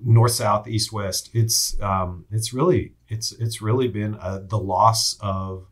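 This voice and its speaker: A man's voice: fairly low pitch, fairly even intonation, slow, husky. A man from Texas hosting a podcast, asking questions conversationally and reacting with enthusiastic exclamations. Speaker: podcast host. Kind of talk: conversational interview.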